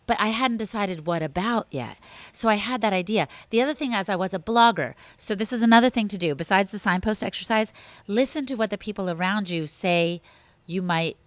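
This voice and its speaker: A woman guest on a podcast, telling animated, rambling stories with frequent restarts in a casual conversational way. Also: mid-range voice, a little fast, dry recording.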